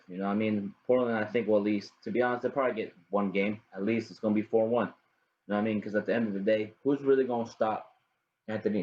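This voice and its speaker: Young male podcast host, low voice, loose rambling delivery, lo-fi sound. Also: a little hiss or hum. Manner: rambling, repeats "you know what I mean", greets viewers by name. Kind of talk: casual solo sports talk. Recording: dull lo-fi home recording.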